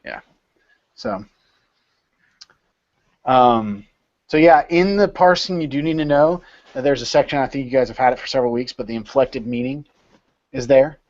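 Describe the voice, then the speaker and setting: A man's voice: mid-range voice, moderate pace, long pauses, darkish tone, dull audio. A man leading an informal study session over a video call, explaining step by step and repeating words as he thinks.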